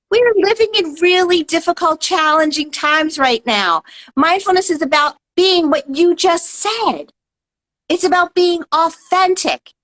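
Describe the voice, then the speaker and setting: A woman guest who teaches mindfulness, explaining calmly and earnestly in an interview, often adding "right?". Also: sits high, rough recording. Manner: calm, earnest, explanatory, many "right?" tags. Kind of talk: interview answers.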